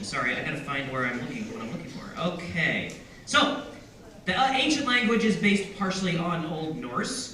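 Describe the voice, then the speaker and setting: A man with a bright, fairly high voice, playful and self-deprecating as he jokes and laughs with a crowd. He is heard from a distance, and the sound rings around a big echoing room. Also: slight background noise. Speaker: author at a book signing. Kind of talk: reading excerpts and chatting with a crowd. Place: large indoor bookstore. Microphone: audience camera from a distance. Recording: echoey room, recorded from afar.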